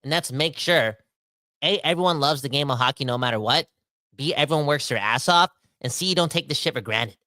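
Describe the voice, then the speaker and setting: A young man with a bright, forceful, fairly high voice holds forth on a casual podcast. He rambles and restarts often, swinging between heated outbursts and quiet asides, recorded dry and close. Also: brisk, no echo. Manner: rambling with frequent restarts and self-corrections. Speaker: podcast host. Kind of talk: casual ranting podcast talk.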